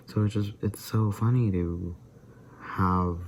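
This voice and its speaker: A man's voice: on the low side, steady tone, slow, a little hiss or hum. A man vlogging in casual, rambling chat, laughing often and slipping into whispered asides. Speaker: vlogger doing a daily challenge.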